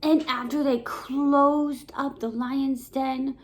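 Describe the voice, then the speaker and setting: A woman teaching Sunday school, telling a Bible story to children in an animated, playful way. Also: high-pitched, slow.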